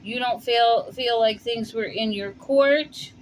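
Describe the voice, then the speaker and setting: A woman with a New York accent gives a loose, chatty tarot reading at home in Colorado, warm and out of breath from shoveling. Her voice sits a little high as she thinks aloud and pauses with fillers. The recording is low quality, with a faint hum underneath.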